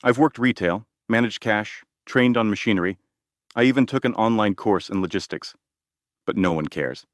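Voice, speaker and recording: A man reading the lines of a determined, frustrated young woman, in a sharp but steady manner. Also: fairly low pitch, normal speed, no echo, clean studio sound, close to an everyday voice. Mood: defiant. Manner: sharp, steady, pushes back.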